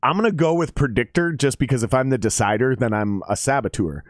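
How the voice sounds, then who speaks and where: Profane, excitable man streaming football commentary. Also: mid-range voice, fairly quick, no echo, studio quality. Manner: profane, excitable, chatty with his viewers. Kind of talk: casual live-stream commentary.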